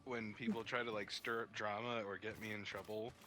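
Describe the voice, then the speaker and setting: A man's voice: lowish voice, little pitch movement, brisk, sharp tone, slight background noise. A man chatting casually on a livestream, swearing as he tells stories about work and acts out both sides of the conversations.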